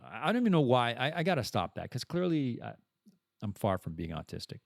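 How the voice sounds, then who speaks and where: Male podcast host, solo chat, animated pitch, dry close sound, rambles and restarts. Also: brisk, creaky, no room sound. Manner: rambling, self-interrupting, playful asides. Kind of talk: casual solo podcast monologue.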